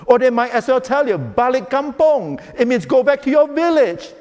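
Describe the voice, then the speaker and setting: A man's voice: very high voice, a little fast, darkish tone, long reverb tail. A man preaching a sermon, acting out the quotes he reads. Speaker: pastor.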